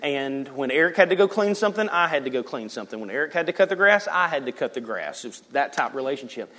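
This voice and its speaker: A male pastor preaching in a conversational way, telling a personal story with joking asides and quick restarts. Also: a little high, very animated, pushed and bright.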